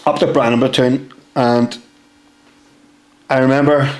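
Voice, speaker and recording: A young man, a podcast guest telling stories in casual chat, lively and swearing freely as he acts out what people said. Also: mid-range voice, measured pace. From Northern Ireland. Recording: roomy echo.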